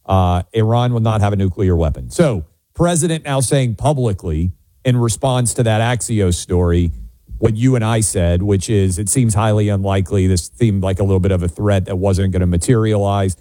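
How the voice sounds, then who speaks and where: A man's voice: lowish voice, mellow, no room sound. A middle-aged man co-hosting a political talk radio show, reading a post aloud and chatting casually with his partner. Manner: conversational, reads posts aloud, quick aside remarks.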